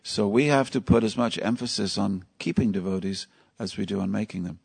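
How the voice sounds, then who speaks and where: A man's voice: fairly low pitch, brisk, vocal fry, breathy edge. A man giving a devotional class at a temple, telling stories in a conversational way and asking his listeners questions. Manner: storytelling, conversational, asks the audience questions. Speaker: temple lecturer.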